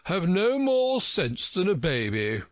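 A man voicing a pompous, touchy egg-shaped man in a storybook reading, drawling slowly and huffily. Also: high voice, wildly swooping pitch, no room sound, studio quality, voice pushed up, heavily acted. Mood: haughty. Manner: pompous, slow and huffy.

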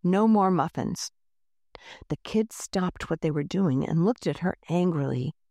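A woman narrating a children's storybook aloud with an expressive delivery. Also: low voice, normal speed, creaky, no room sound, clean studio sound.

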